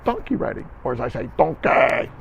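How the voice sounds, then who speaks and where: A man's voice: on the high side, very animated, moderate pace, gravelly, slightly rough, dull audio. A man teaching a band lesson on video, counting aloud and coaching students, often checking in with "okay?". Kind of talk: instructional music lesson video.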